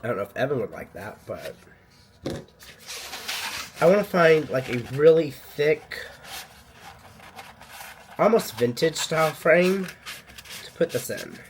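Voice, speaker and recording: A man's voice: on the high side, sing-song, takes it slowly, pauses often, slight background noise. A man chatting casually in a vlog, a boutique owner telling stories in a sassy way, coughing now and then while under the weather.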